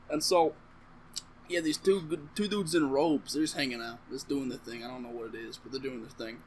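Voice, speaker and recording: Over some background noise, a comedic vlogger with a medium-pitched voice rambles casually through a funny movie recap to camera. He swears freely, keeps things offhand, and cuts himself off with asides.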